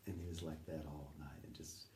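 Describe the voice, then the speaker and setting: A man, an interview guest, telling a personal story in a vivid, animated way. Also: very deep voice, a little fast, echoey room, recorded from a distance, slight background noise.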